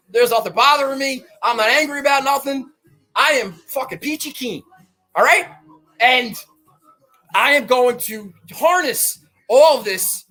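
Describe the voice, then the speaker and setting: A man hosting a golf betting show, ranting defiantly and swearing, swinging from low muttering to shouts. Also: poor audio. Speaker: golf betting podcast host. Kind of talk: fired-up monologue.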